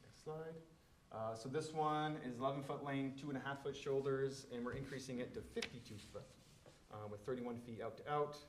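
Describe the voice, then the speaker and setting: A man walks a public board through engineering details, explaining as he goes and leaning on plenty of ums and uhs. His voice sits at an ordinary middle pitch. The room carries a noticeable echo with a faint rumble underneath. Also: brisk. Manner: explanatory, many fillers. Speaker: bridge engineer presenting. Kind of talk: meeting presentation.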